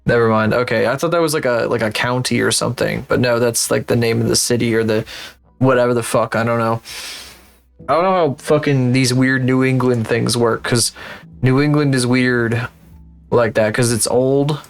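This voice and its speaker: Over faint music, a man commentates his own geography game on a live stream, thinking aloud, rambling from one thought to the next and swearing easily. His gravelly voice sits in an ordinary middle register, with fairly even intonation and normal speed.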